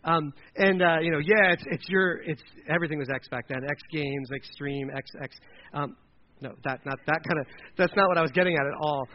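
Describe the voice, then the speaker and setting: A man in his forties preaching a sermon as pastor, retelling the story in a joking, animated way. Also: on the high side, fairly quick, lo-fi sound, slight background noise.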